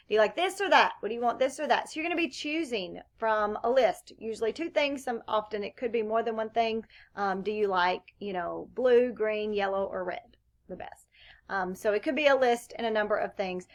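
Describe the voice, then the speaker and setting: A woman's voice: fairly high pitch, a bit bright. Woman teaching Spanish questions. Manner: explanatory, models Spanish phrases with question inflection. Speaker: Spanish instructor. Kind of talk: recorded lecture.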